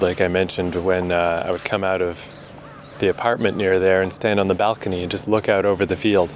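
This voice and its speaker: A man's voice: on the low side, a little hiss or hum. A Canadian man talking casually to his camera outdoors in the rain, laughing often and swearing now and then. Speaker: vlogger. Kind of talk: casual vlog monologue.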